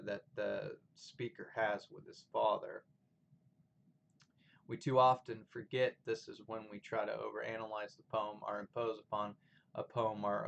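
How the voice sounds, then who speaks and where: Heard through a rough recording with some hiss or hum, this lecture comes from a man whose low voice is creaky. He explains poetry to a class with fillers and restarts, then reads poems out loud more loudly, hitting the rhythm hard.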